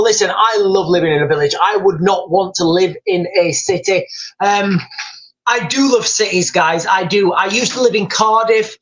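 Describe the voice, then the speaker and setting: A man's voice: sits high, expressive, moderate pace, fairly bright tone, rough recording. A middle-aged man hosting a casual live stream, telling rambling stories and calling his viewers guys, with many restarts.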